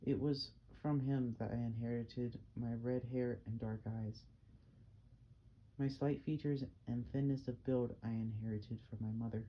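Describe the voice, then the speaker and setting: Amateur male reader, dull lo-fi sound. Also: mid-range voice. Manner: plain amateur reading with small slips and restarts. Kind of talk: reading a novel aloud. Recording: dull lo-fi, faint hiss.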